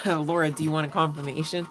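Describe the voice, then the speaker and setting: A woman reads tarot cards in a loose, chatty way, giggling often and swearing without a second thought. Her voice sits unusually deep for a woman. Music plays clearly behind her. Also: steady tone, normal speed, a bit bright, poor audio. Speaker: tarot reader. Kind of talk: casual live tarot reading.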